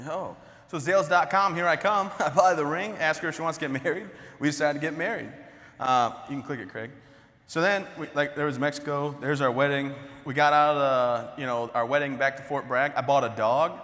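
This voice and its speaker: Brisk and a bit bright, with a slightly high pitch, a young man tells stories during a comedic keynote on a large hall's stage. He's self-mocking and joking, laughing at his own lines, and his voice echoes with hall reverb.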